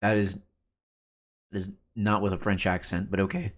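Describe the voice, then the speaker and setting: A man's voice: low voice, little pitch movement, normal speed. A man streaming a game, chatting casually with his chat and laughing often. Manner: laid-back, laughs often, reads chat aloud.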